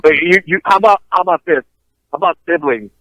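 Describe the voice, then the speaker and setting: A man in his thirties co-hosting a podcast, telling stories in a profane, animated way and acting out quotes. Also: on the high side, quick pace, no room sound, low-quality recording. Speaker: podcast co-host. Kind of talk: casual chat, storytelling.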